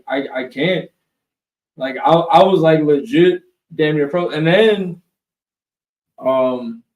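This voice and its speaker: A man co-hosting a live webshow, telling a long profane story in a loose, animated way. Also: medium pitch, roomy sound, far from the mic, poor audio. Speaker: co-host. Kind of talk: casual storytelling chat.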